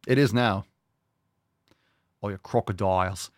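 A man's voice: low voice, fairly even intonation, moderate pace, dry recording, studio quality. A man hosting a fitness podcast, coaching listeners in a blunt, joking, profane casual chat.

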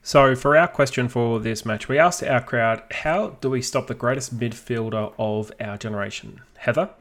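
A man with an Australian accent co-hosting a sports podcast, chatty and quick to laugh. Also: mid-range voice, fairly bright tone. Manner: chatty, laughs while talking. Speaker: podcast co-host. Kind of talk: casual sports chat.

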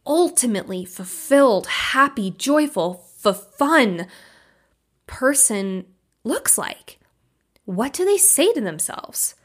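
A young adult woman life coach hosting a podcast, talking candidly and emphatically in a casual monologue, with the odd curse word. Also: mid-range voice.

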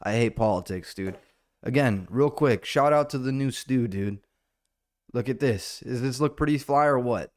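A man hosting a solo comedy podcast in a rambling, profane monologue, now and then jumping into loud, high-pitched bits. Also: normal speed.

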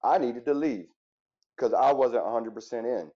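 A man in his thirties talks candidly and reflectively, often restarting his sentences. His voice is warm and dark, of medium pitch. The recording sounds a little muffled. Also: moderate pace. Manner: earnest and reflective, with frequent restarts. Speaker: interview guest, former firefighter turned business owner. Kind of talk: candid interview storytelling.

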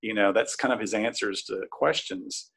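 Guy with a lowish husky voice rambling thru a story, lots of um and you know. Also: normal speed, a bit bright. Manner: rambling, many fillers and restarts. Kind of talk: casual spoken recollection.

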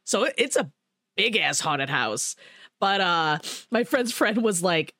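A woman's voice: on the low side, unhurried, dry recording. Chatty woman podcast host, dry sound. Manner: rambling, animated storytelling with swearing and laughs. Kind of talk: casual chat.

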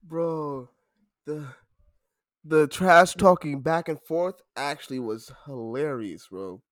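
A man in his twenties telling stories in a casual chat, animated and laughing, breaking into loud impressions. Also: fairly high pitch, slow pace, no echo, studio quality. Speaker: podcast co-host.

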